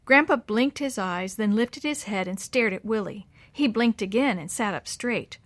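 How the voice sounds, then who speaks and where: A woman narrating a chapter book for children in a warm, expressive, slow and clear way. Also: mid-range voice, no echo. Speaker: children's storyteller.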